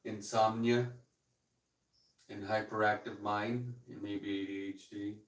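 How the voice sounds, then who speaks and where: Laid-back low-voiced man, off-mic. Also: level tone, slow, recorded from a distance. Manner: laid-back, hesitant, with fillers. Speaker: guest. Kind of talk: casual chat. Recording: echoey room, off-mic.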